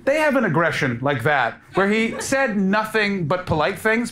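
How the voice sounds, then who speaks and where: A man doing stand-up crowd work on a club stage, teasing the audience in a brash, profane way and shouting his punchlines. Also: high-pitched, sing-song, normal speed. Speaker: stand-up comedian. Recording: loud crowd noise behind. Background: loud audience laughter.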